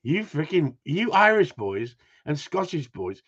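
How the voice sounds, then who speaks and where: A gundog trainer hosts a live stream, reading viewer comments and teasing them in joking banter with the occasional mild swear word. He's very animated and unhurried, barely pausing, his fairly bright, slightly rough voice swinging widely in pitch. The audio is dull and lo-fi.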